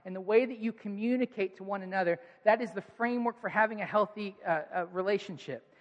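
Guy pastor preaching, kinda high voice, chatty and earnest, big echoey hall. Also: quick pace, highs cut off. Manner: conversational, storytelling, earnest. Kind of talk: sermon with personal stories. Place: church auditorium with audience. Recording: long hall reverb.

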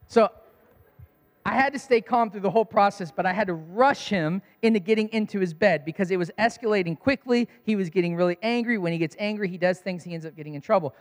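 A man's voice: high-pitched, fairly quick, big-room sound. A man preaching a sermon in a conversational storytelling way, laughing at his own story.

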